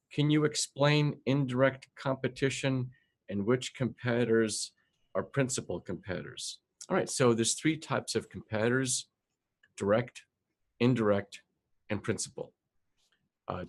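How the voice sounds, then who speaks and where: A man giving a recorded class lecture, hesitant, with many filler sounds and restarts. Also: fairly low pitch.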